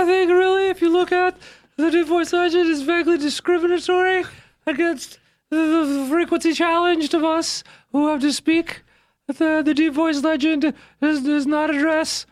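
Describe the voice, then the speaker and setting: A man co-hosting a comedy podcast, ranting mock-earnestly with halting restarts. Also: very high-pitched, no room sound. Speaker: podcast co-host. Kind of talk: casual comedy podcast chat.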